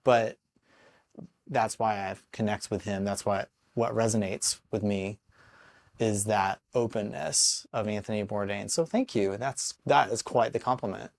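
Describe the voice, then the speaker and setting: Relaxed male podcast host. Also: fairly low pitch, measured pace, creaky. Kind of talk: casual podcast conversation.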